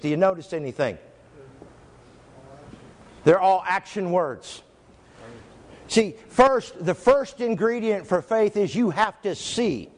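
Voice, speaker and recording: A male pastor preaching a sermon to his church, reading scripture slowly and stressing single words. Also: high voice, lively intonation. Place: church sanctuary. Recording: echoey church hall.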